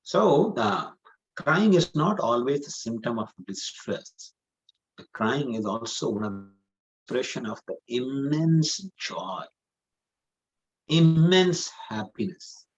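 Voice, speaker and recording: A man at a middle pitch teaches a scripture class with earnest, patient repetition. He circles back to his point and fills gaps with "you know." The sound is dull and lo-fi. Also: expressive, takes it slowly. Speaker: spiritual teacher.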